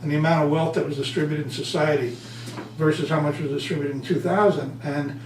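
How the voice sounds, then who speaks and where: A man being interviewed as an author and speaker, telling stories with lively acted-out quotes. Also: a little high, a little fast. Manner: animated storyteller, acts out quotes. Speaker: guest author and motivational speaker. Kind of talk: conversational interview. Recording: roomy, distant mic, faint hum.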